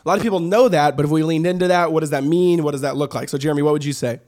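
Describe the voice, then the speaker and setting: A man's voice: fairly high pitch, rapid-fire, darkish tone. A man co-hosting a podcast, talking in an upbeat, conversational way. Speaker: podcast co-host. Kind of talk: casual podcast discussion.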